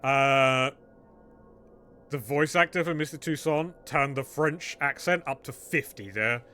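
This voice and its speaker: A man's voice: medium pitch, measured pace, bright, forceful tone, a little hiss or hum. A man streaming a game live, chatting casually with his viewers in a joking, irreverent way.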